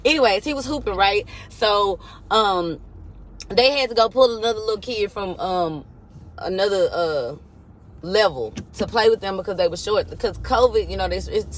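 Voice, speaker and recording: A woman, telling a blunt, profane story in a parked car. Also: medium pitch. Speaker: vlogger. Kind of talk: casual storytelling rant. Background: faint car noise.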